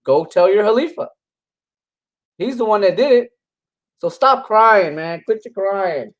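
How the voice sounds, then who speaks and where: A man's voice: high-pitched, lively intonation, a little slow, low-quality recording. Combative man ranting in a reaction video. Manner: combative and mocking, scoffing laughs; rambling with frequent restarts. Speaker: religious commentator reacting to videos. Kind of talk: casual reaction commentary.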